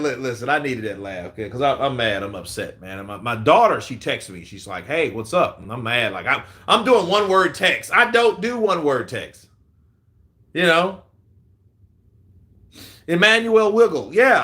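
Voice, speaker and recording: A man hosts a boxing commentary stream, responding to chat. His voice is bright and somewhat high, with lively swings in pitch. He swears freely and laughs often. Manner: profane, animated, laughing often. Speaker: boxing channel host. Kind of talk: casual livestream commentary reading chat.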